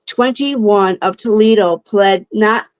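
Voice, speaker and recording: A woman's voice: mid-range voice, takes it slowly, dry recording. A young adult woman from Ohio commenting casually on true crime cases for her viewers, emotional and indignant, stumbling over words. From Ohio, United States. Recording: dull lo-fi dry sound.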